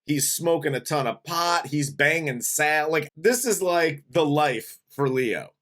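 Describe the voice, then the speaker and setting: A man's voice: a little high, expressive, unhurried, fairly bright tone. A man co-hosting a casual movie review, laid-back, recapping the plot and laughing easily. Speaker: film review podcast co-host.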